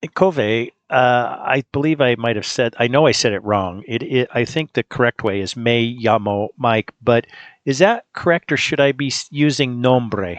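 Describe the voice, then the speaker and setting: A man hosting a casual demo, talking in a relaxed, rambling way with fillers. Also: mid-range voice, normal speed, no room sound. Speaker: host demonstrating an app. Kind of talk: casual screen-recorded demo.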